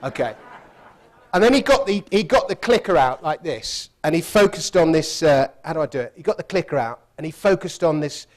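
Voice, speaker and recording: Guy spinning a travel story, slightly high voice, keeps laughing. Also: animated, fairly quick, few pauses. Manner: chatty, laughs through the story. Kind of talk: anecdotal storytelling talk.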